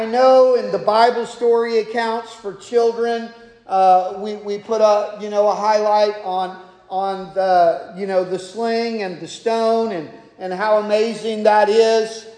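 A man's voice: high-pitched, darkish tone. A man preaching an expository sermon in a conversational way, often restarting and repeating words. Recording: echoey hall, long reverb.

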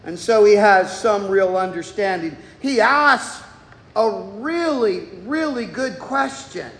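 A man delivers a sermon with animated, questioning rhetoric, his voice unusually high and his pace slow. The sound carries a long, roomy reverb from a church hall. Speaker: preacher. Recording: echoey hall, far from mic.

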